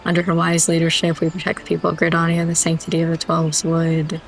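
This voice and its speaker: A stately military officer delivers a formal oath of allegiance with grave solemnity, as a woman reads the game text aloud. The voice sits fairly low and is spoken steadily. A faint hum of background noise runs underneath. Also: completely flat delivery, fast, rough recording. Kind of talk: reading game dialogue aloud.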